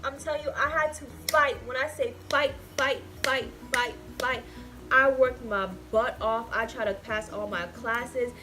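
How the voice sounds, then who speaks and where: A woman in her twenties venting in a casual vlog, talking emotionally and swinging between loud and soft. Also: fairly high pitch, steady tone, normal speed, hardly any pauses, faint music behind. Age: 20s. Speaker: vlogger.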